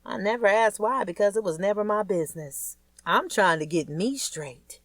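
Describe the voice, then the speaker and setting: A woman's voice: mid-range voice, normal speed, no room sound. A woman narrating a first-person audiobook in a blunt, crude, streetwise way.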